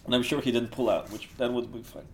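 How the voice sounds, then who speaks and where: A man co-hosting a podcast, chatting casually about a film with a wry, deadpan humor. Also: medium pitch, fast, a little hiss or hum. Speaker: podcast co-host. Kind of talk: casual film-review chat.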